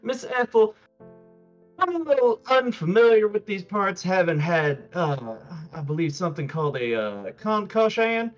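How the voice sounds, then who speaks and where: A man voicing a flattering adventurer with a put-on Southern drawl, overly gallant and folksy, on a dull lo-fi mic. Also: fairly high pitch, a little slow, faint music behind.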